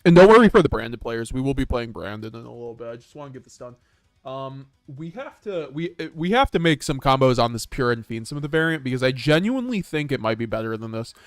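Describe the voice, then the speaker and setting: A man streaming a card game, rambling casually to his chat with stumbles, restarts and quick chuckles. His voice sits at an ordinary middle pitch and sounds close and dry, with faint music in the background. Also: big pitch swings, no room sound. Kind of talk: live-stream gameplay commentary.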